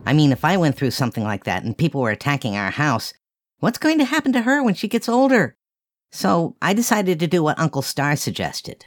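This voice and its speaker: A woman's voice: sits low, very animated, dry recording, voice pushed down. Woman playing an earnest young boy. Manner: quick, pleading. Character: upset young boy, gentle and eager. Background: background music.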